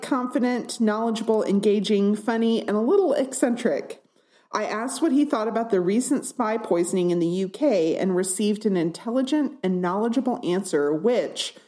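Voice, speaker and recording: A woman's voice: medium pitch, moderate pace. A woman co-hosting a casual podcast chat, reading online reviews aloud and giggling through them. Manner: giggly, animated storyteller. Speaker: podcast co-host.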